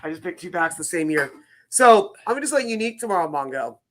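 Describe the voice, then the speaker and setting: A man's voice: sits high, sing-song, quick pace. A man co-hosting a casual podcast, playful and hamming it up as he chats. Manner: playful, hams it up with mock French. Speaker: podcast co-host.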